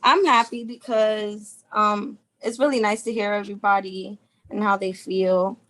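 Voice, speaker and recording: A young woman chats in a relaxed, easygoing way over a video call. Her voice sits at a middling pitch and her delivery is casual and unhurried. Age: young adult. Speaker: graduate.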